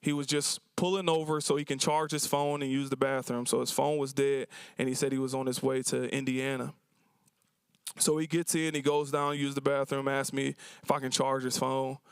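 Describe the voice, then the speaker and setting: A medium-pitched male voice, level in tone and clear and resonant, moves at a moderate pace with no echo. It belongs to a cafe owner telling customer stories at a university symposium, casual and colloquial, acting out each person's lines.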